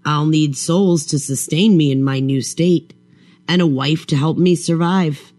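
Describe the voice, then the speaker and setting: A man's voice: on the high side, a little slow, a little mellow, soft background music, lightly acted. A man voicing a cruel, sneering undead husband with a mocking, contemptuous drawl.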